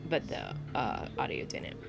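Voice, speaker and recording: A woman's voice: measured pace, music in the background. A woman casually narrating her gameplay on a laptop mic, rambling and hesitant with a self-deprecating manner.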